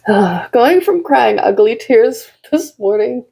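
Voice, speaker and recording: A woman speaks slowly and unhurriedly, her fairly high voice sliding into a gravelly fry as she talks. She gives a casual, heartfelt channeled message as a tarot reader from her own room, filling her words with likes and soft giggles. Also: expressive. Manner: casual, heartfelt, filler-heavy talk. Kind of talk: intuitive channeled message to viewers.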